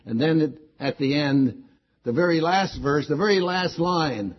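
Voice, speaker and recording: Husky preacher man, emphatic. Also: on the high side, expressive, measured pace, muffled recording. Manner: emphatic, repeats key words with rising stress. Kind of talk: sermon.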